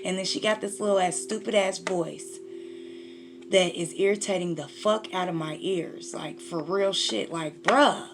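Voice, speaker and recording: A woman reads tarot cards in a loose, profane, chatty way, speaking straight to her listener. Her voice sits fairly low. There is clear noise under the recording. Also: normal speed. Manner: blunt, profane and animated. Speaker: tarot reader. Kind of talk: casual tarot reading.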